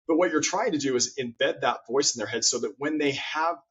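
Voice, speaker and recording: A guest author with a husky, slightly breathy mid-range voice speaks earnestly in an interview, fairly quickly and with a fairly bright tone. He makes his points through stories and often repeats words. The recording is muffled and lo-fi, its highs dulled.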